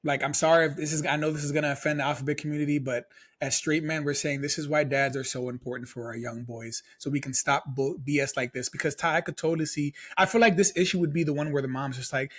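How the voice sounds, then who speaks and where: A young man co-hosting a casual podcast chat, talking in an animated way that jumps up in pitch when he gets worked up. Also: fast talker, few pauses. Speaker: podcast co-host.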